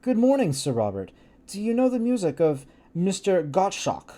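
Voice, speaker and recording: A courteous young lady of gentle manners greets a guest in a storybook tale, as a man lifts his voice to play her. Her tone is higher than the reader's own and moves lightly across its range. She stays genteel and amiable throughout. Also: wildly swooping pitch, moderate pace. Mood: polite. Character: young woman hostess, polite and amiable.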